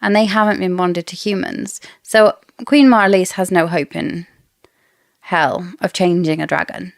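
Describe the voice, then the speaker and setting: A woman's voice: lowish voice, steady tone, unhurried, gravelly, dry recording, studio quality. A woman co-hosting a casual book discussion podcast, chatty and theorizing with frequent laughs. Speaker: podcast co-host.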